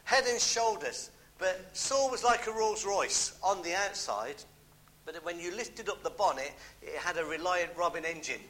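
Bright-voiced British preacher. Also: male voice, high voice, expressive, normal speed, low-quality recording. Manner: emphatic, repeats key phrases, homely asides. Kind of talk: sermon.

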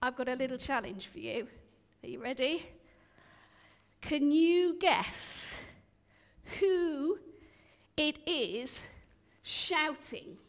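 In a church hall, a high-pitched woman tells stories in a sermon for an all-age congregation, speaking slowly with long pauses. Lively and chatty, she keeps asking her listeners questions, and the room adds a long churchly reverb.

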